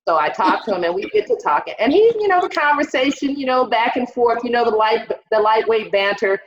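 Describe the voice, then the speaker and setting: A female stand-up comedian with a fairly high voice talks a little fast during a set performed over a video call, whose audio sounds roomy, dull, and slightly muffled. Her storytelling is raunchy, bawdy, and profane, full of acted-out quotes.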